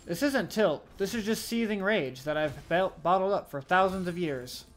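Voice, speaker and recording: A man giving live gameplay commentary on his match, ranting with a steady stream of profanity and exasperation. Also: high-pitched, normal speed, soft background music.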